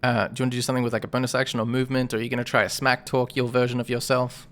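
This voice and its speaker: A man's voice: medium pitch, level tone, rapid-fire, fairly bright tone, slight background noise. A man running a tabletop game as game master, narrating combat in a casual, rambling way with many fillers.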